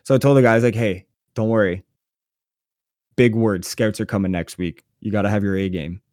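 A man co-hosting a podcast, telling a story in casual chat with a sarcastic, profane, animated manner. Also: lowish voice, normal speed, no room sound, clean studio sound. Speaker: podcast co-host.

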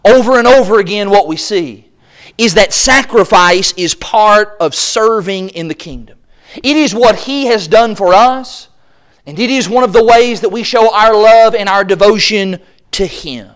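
A man preaching a sermon at a church service, impassioned, building to loud exclaims and acting out the voices he quotes. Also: sits high, measured pace.

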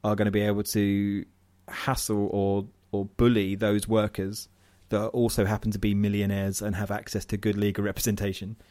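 Southern English man, low-ish voice, wry podcast co-host prone to rants. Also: completely flat delivery, normal speed, hardly any pauses, darkish tone. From southern England. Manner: wry, ranting, self-deprecating. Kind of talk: casual chat.

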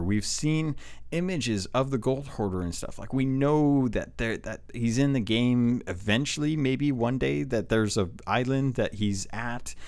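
A man with a slightly low voice gives casual, excited commentary on game lore. He rambles, trips over his words and restarts sentences as his enthusiasm runs ahead of him. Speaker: game lore video host.

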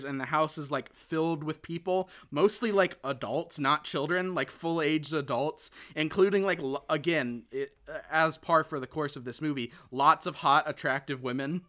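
Male podcast host, rather high and bright, loose rambling recap, many ums and restarts. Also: moderate pace. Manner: rambling, full of fillers and restarts, quotes characters. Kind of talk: casual chat recapping a film.

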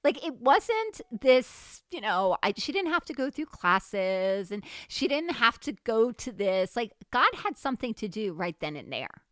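A woman's voice: a little high, a little slow, hardly any pauses, dry recording, clean studio sound. A woman chatting casually about faith experiences, telling stories animatedly and acting out dialogue with frequent laughs. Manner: animated storytelling, acts out quoted dialogue, laughs often. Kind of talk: casual faith testimony chat.

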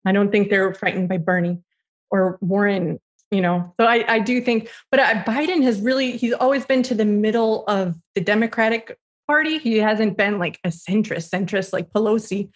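A woman's voice: medium pitch, moderate pace. A woman in her late thirties, a guest in a political interview, speaking earnestly with frequent restarts. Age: late 30s.

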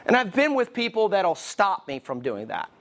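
Male pastor, conversational sermon delivery, self-deprecating, slow repeated questions. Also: sits high, big pitch swings, fairly bright tone.

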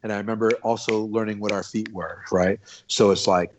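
A man's voice: lowish voice, fairly even intonation, a little fast, highs cut off, slight background noise. A man, a podcast guest, telling stories in a casual, rambling way, full of restarts and fillers. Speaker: podcast guest, former drum corps snare drummer. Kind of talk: casual storytelling chat.

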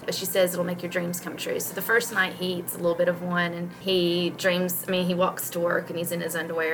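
A woman and homeschooling mom chatting casually on a podcast, retelling a picture book with animated storytelling and frequent laughs. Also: on the low side, creaky, background noise. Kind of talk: casual chat.

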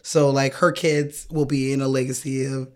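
A woman's voice: very deep voice, flat delivery, moderate pace. Casual swearing woman podcast co-host. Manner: swears freely, rambling storytelling. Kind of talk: casual chat.

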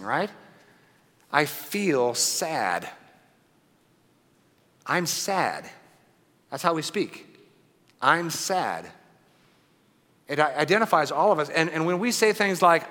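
A man preaching a conversational sermon, often checking in with his listeners and swinging between loud emphasis and hushed asides. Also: on the high side. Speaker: pastor. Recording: long hall reverb.

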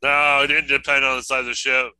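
A man's voice: mid-range voice, level tone, fast, sharp tone, clear, resonant tone, no room sound, low-quality recording. A man who served in the navy, co-hosting a casual podcast and correcting others in a matter-of-fact way. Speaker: navy veteran podcast co-host.

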